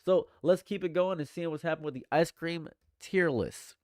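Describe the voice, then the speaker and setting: A man streaming casual live commentary, ranting in mock outrage and swinging between mumbled asides and loud outbursts. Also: on the high side, normal speed, no echo, studio quality.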